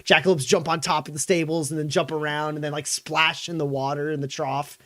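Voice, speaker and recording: A man's voice: on the high side, flat delivery, a little fast, pushed and bright, no echo. A man narrating as game master of a tabletop game, rambling with many fillers.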